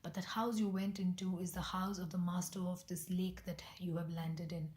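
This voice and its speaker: A woman's voice: lowish voice, level tone, moderate pace, darkish tone, reverberant, close to an everyday voice. A woman voicing a wise, secretive magic fish who gives urgent whispered warnings.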